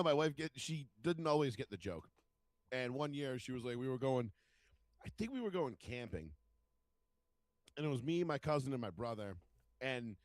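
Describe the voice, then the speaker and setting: A man's voice: medium pitch, no room sound. Swearing storyteller man with dry sound. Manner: storytelling, swears freely, acts out quotes. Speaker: podcast co-host. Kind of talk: casual chat.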